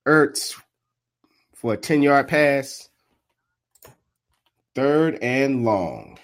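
Excitable trash-talking male game commentator. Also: mid-range voice, drawn-out words. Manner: swings between muttered asides and loud outbursts. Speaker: live sports commentator and streamer. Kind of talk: casual live football commentary.

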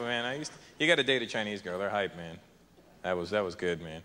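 Bright-voiced young comedian on stage. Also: male voice, on the low side, fast talker. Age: young adult. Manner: lively, punchy, jumps into voices. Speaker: stand-up comedian. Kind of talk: stand-up comedy set. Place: large festival stage. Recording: echoey hall, light hiss.

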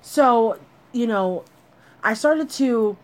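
A woman's voice: fairly high pitch, animated, very slow. A woman telling a personal story in a blunt, candid way, swearing freely as she talks.

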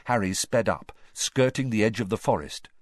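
A man reading a storybook aloud with expressive, animated narration. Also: lowish voice, normal speed, no echo, clean studio sound. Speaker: audiobook reader.

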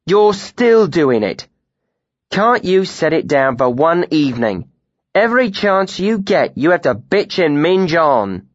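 A man's voice: medium pitch, very animated, measured pace, hardly any pauses, a bit bright, no echo, pitched above the performer's own voice. A man voicing a fierce, impatient woman warrior who speaks sharply and seethes. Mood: exasperated. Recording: dry, slightly muffled studio recording.

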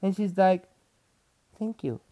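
A woman's voice: medium pitch, lively intonation, takes it slowly, warm tone. A woman playing a bumbling male farmer who tells absurd stories in a rambling, repetitive, easily sidetracked way, with mock outrage. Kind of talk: comic podcast monologue in character.

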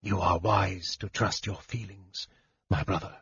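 A frail, sickly mage hisses each word in a breathy, husky whisper, as a male narrator puts him on. He is slow and cutting. The sound is dull and dry. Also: lowish voice, expressive, no echo, heavily acted. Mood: bitter whisper. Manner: soft caustic whisper. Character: frail bitter young male mage, coughing and caustic.

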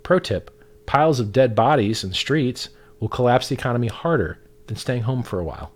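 A man's voice: mid-range voice, animated, a little fast. A man ranting angrily on a livestream, profane and sarcastic, mocking other people's views in a raised mimicking voice.

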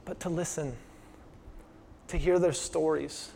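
A man preaching a sermon in a conversational style, asking the congregation rhetorical questions and dropping his voice soft for emphasis. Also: fairly high pitch, fairly even intonation, takes it slowly, vocal fry, slight background noise. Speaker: pastor.

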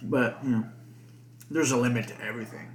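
Young dude podcasting solo, lots of likes and f-words, kinda roomy echo. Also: male voice, medium pitch, fairly even intonation, a little fast, slight background noise. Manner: rambling, heavy swearing and filler words. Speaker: podcast host. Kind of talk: casual podcast monologue. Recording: echoey room.

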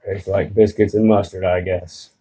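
A man's voice: low-pitched, little pitch movement, normal speed, warm tone, breathy edge. A man co-hosting a crude comedy podcast, tossing in dry wisecracks. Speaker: podcast co-host.

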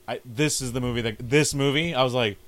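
A man co-hosting a podcast, telling stories in a lively way, acting out quotes and laughing often. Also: medium pitch, fast. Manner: animated storyteller, acts out quotes, laughs often. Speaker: podcast co-host. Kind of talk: casual chat.

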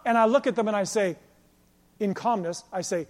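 A male pastor preaching a sermon with passion, moving between loud emphatic lines and quiet storytelling. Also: sits high, normal speed. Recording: long hall reverb.

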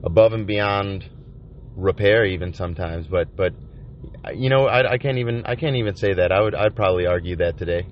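Sitting inside a van by the ocean, a low-voiced male vlogger delivers a rambling confessional monologue, profane and halting with many restarts. The recording is dull and lo-fi, with a little hiss or hum.

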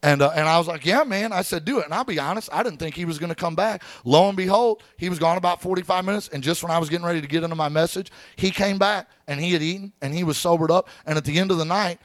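A man preaching a sermon as pastor. His voice sits high and sounds dry and close, with no room echo. He tells stories in an easy, talky way and keeps calling out to his listeners. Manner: conversational storytelling with preacher call-outs.

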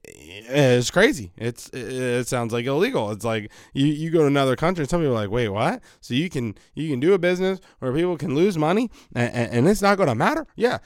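A man's voice: on the high side, big pitch swings, fairly quick, creaky, no echo, clean studio sound. A man hosting a solo podcast, rambling and swearing casually with many restarts, sounding a bit tired. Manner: rambling, profane, restarts often. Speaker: podcast host.

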